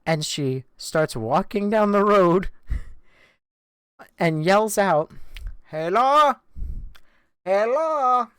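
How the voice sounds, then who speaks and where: A man's voice: sits high, expressive, slow, pauses often, clean tone, no echo, studio quality. A young man streaming a game, telling a rambling story in casual chat, self-mocking, swearing and laughing between lines.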